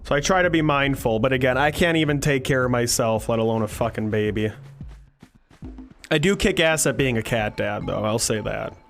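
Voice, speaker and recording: A man's voice: mid-range voice, moderate pace, creaky, a bit bright, soft background music. A man streaming a game, chatting casually with loose, profane jokes between play. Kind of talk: casual gameplay commentary.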